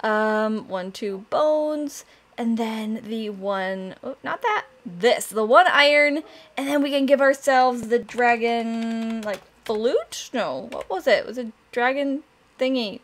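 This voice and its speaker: A young woman hosting a casual game let's-play, bubbly and excitable, often gasping and squealing with delight. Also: on the high side, slow pace. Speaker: gaming channel host.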